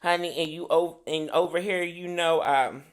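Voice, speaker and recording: Speaking at a normal pace in a steady, low-leaning tone, an American woman co-hosts a casual podcast. She's full of sass, curses without hesitation, and keeps calling people "honey."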